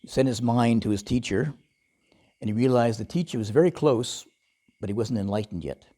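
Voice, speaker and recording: A man who is a Buddhist monk, giving a relaxed dharma talk and telling stories with frequent chuckles and fillers. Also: mid-range voice, normal speed. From Western, lived in Thailand as a layman. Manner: relaxed storytelling, chuckles often, many fillers.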